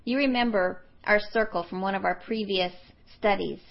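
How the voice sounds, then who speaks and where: A middle-aged woman teaching a women's Bible study, earnest and slowing down to stress her key questions. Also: medium pitch, vocal fry, lo-fi sound.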